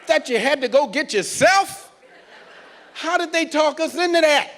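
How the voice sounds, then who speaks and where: High-voiced stand-up comedian on stage. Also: male voice, measured pace, some chatter behind. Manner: animated storytelling, acting out family scenes. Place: cruise ship theater stage.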